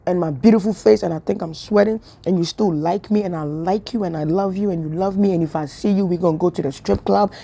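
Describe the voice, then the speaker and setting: Woman, low mellow voice, casual preacher, keeps hammering rhetorical questions. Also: quick pace, vocal fry, few pauses. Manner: playful, joking asides. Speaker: online preacher. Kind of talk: casual spiritual message to camera.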